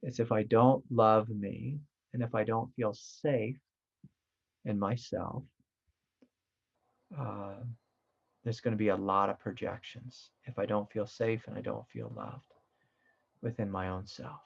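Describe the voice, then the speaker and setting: A man, a meditation teacher, giving a satsang talk in a gentle, reflective way with many fillers and asides. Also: on the low side, takes it slowly, vocal fry, pauses often, slightly rough, highs cut off.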